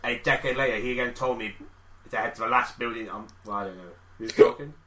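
A man co-hosting a casual podcast, reading out a story with dry, deadpan asides. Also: medium pitch, quick pace, roomy sound, a little hiss or hum, low-quality recording. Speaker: podcast co-host.

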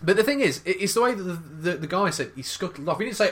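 Young guy riffing crude jokes on a podcast, voice a bit high and bouncing all over. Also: expressive, fast, fairly bright tone. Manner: rambling, laughs often, restarts. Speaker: podcast co-host. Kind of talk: crude comedic banter.

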